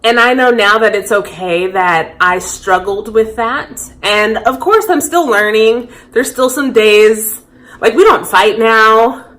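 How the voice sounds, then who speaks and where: A woman's voice: on the high side, slow, fairly bright tone. A woman in her thirties talking candidly and reflectively to camera in a personal vlog. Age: 30s. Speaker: vlogger.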